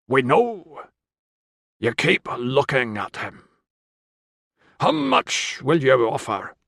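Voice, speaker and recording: A man voicing a gruff, menacing male fur trader who speaks slowly and deliberately. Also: medium pitch, huge pitch swings, a bit bright, no room sound, studio quality, heavily acted.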